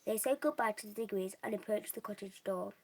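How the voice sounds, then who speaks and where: A woman's voice: mid-range voice, fast talker, darkish tone, low-quality recording. A young woman reading a novel aloud, unpolished, with small restarts and slips. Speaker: reader.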